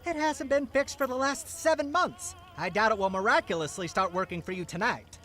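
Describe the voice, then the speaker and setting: An actor playing a prim, dry-witted club doorman with a deadpan, needling delivery. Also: high voice, brisk, soft background music.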